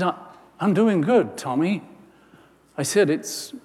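A man's voice: fairly high pitch, big pitch swings, a little slow, darkish tone, in a large hall. A man preaching a sermon, telling a personal story and rising to emphatic preaching.

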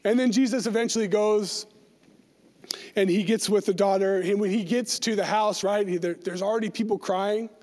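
A very high-pitched man teaches a Bible lesson in a casual, talky way, checking in with "right?" and slipping into the voices of the people he describes. His voice carries a long reverb from a large hall. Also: steady tone, normal speed, a little mellow. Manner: conversational, acts out quoted voices, asks "right?".

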